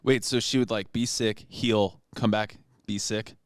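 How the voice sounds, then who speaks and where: A young man co-hosting a casual comedy podcast, tossing in quick wisecracks. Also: fairly low pitch, steady tone, smooth, no room sound, clean studio sound. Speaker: podcast co-host.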